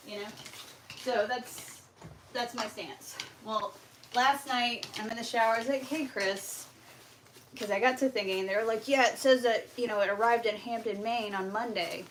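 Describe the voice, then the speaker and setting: Young woman host, lively profane storyteller, higher voice, faint hiss behind. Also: moderate pace. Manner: animated, profane, acts out quoted exchanges. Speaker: homestead channel host. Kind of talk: casual storytelling on a livestream.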